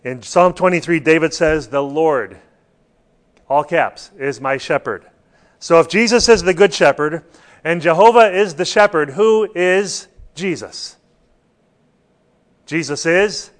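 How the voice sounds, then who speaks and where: A man's voice: fairly high pitch, lively intonation, a little slow, long pauses. A man preaching a sermon, stressing points and putting questions to his listeners. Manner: rhetorical questions to the congregation, emphatic.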